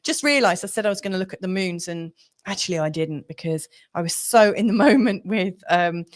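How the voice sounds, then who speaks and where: A woman's voice: mid-range voice, animated, brisk. A woman hosting a live-streamed astrology reading, chatty and rambling with lots of fillers, sympathetic and encouraging toward her viewers.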